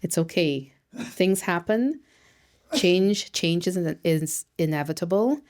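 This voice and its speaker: A woman with a slightly low voice gives an educational talk as a therapist and social worker. She is lively and emphatic, often posing rhetorical questions and acting out little quotes. Her delivery is direct and encouraging. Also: slow, slight background noise. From Canada.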